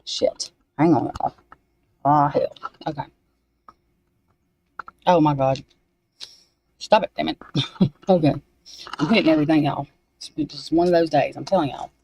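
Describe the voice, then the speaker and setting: A woman's voice: low-pitched, measured pace, pauses often, a little mellow, slight background noise, rough recording. A woman reading spiritual cards on a casual livestream, scattered and swearing under her breath as she talks to herself. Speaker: spiritual card reader. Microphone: desk microphone.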